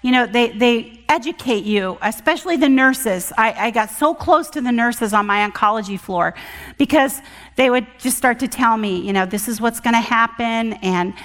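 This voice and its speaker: Middle-aged woman, church guest speaker, earnest testimony; slightly high voice, echoing hall. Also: moderate pace. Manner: earnest, emphatic, swings from loud to hushed. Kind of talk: sermon with personal testimony.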